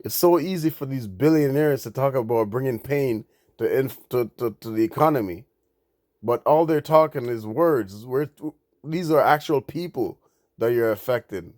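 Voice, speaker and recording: A man commenting on the news. He reads news out, then reacts indignantly, stumbling into restarts and rising in pitch and volume when he gets angry. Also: moderate pace, a little mellow, no echo, clean studio sound. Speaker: crypto commentator.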